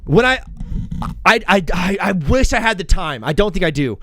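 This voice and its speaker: A man's voice: high-pitched, brisk, no room sound, studio quality. A man hosting a casual live sports talk show, rambling and jokey, often stopping and restarting his sentences. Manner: animated, rambling, self-interrupting, jokey.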